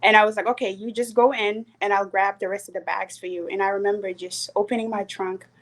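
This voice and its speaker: A woman's voice: medium pitch, fairly even intonation, a little fast. Young woman with a South Sudanese accent. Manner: earnest, hesitant with many fillers. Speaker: panel speaker. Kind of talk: personal storytelling.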